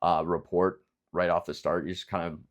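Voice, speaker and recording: A young man with a deep, low voice talks through his sales advice in a loose, rambling way. He keeps coming back to his points with fillers and restarts, and now and then he acts out a phone call, playing both the caller and the realtor. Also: level tone, moderate pace. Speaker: business coach. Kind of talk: casual instructional talk.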